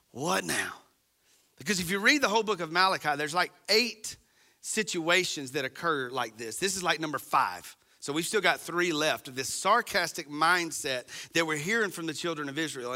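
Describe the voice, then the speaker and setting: A man's voice: high voice, bright, forceful tone. A man preaching a sermon as pastor, talking conversationally and straight to his congregation.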